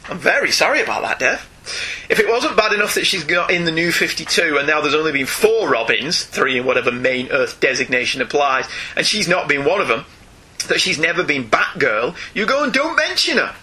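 A man's voice: on the high side, animated, a little fast, pushed and bright, breathy edge. A man co-hosting a casual podcast, reading listener emails aloud with frequent laughs and asides.

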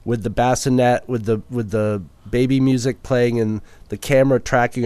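A man in his fifties co-hosting a podcast, telling a story in an animated way. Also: mid-range voice, moderate pace, hardly any pauses, smooth, dry recording. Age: 50s. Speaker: podcast co-host. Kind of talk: casual podcast chat.

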